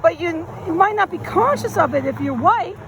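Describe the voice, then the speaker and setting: High gravelly woman vlogging while walking. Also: expressive, normal speed, fairly bright tone. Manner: rambling, emphatic, casual slang. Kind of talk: walking vlog monologue. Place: city street outdoors, walking. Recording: faint street noise outdoors. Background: street noise and passing traffic.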